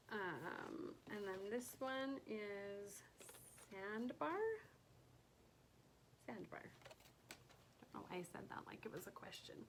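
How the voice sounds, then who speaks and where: A woman's voice: mid-range voice, background noise. A woman chatting casually about her craft haul, gushing over each item and often dropping to a near whisper. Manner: gushing, soft-spoken, often drops to a whisper. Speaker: cross stitch vlogger.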